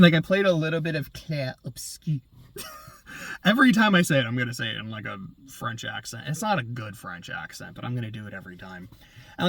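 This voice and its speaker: A young man talks casually and alone, drifting from one thought to the next and doubling back to fix his words. His pitch sits in the middle, and his sentences often fade soft at the end. The sound is dry and close, with no room echo. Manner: rambling, self-correcting, trails off quietly. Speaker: podcast host. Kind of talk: casual solo chat.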